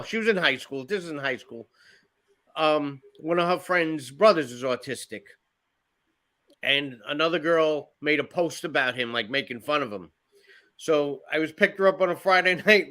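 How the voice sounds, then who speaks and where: Bright-voiced man telling rambling stories. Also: a little high, normal speed. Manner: rambling storytelling, heavy swearing. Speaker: podcast co-host. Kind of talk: casual chat.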